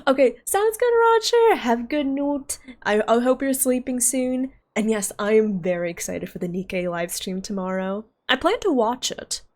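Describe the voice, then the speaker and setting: A woman's voice: on the high side, moderate pace, few pauses, darkish tone. A woman streaming a video game, chatting casually and giggling as she talks to her viewers. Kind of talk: casual gaming stream chat.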